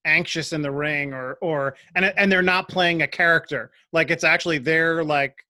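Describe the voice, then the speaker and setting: Podcast host guy, kinda high and bright, keeps it short and encouraging. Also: steady tone, normal speed. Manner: brief, encouraging responses. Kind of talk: casual podcast interview.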